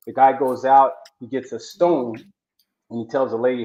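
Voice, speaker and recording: A man's voice: medium pitch, steady tone, moderate pace, darkish tone. A man co-hosting a show, casually retelling a folk story to make an earnest motivational point. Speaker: podcast co-host. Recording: roomy, dull lo-fi audio.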